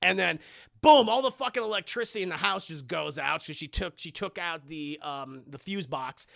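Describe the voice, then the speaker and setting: A man streaming live, recapping a movie in a profane, animated, joking way. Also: a little high, moderate pace, vocal fry, dry recording, studio quality. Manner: profane, animated, laughing storyteller. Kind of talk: casual comic recap. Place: streaming setup at home.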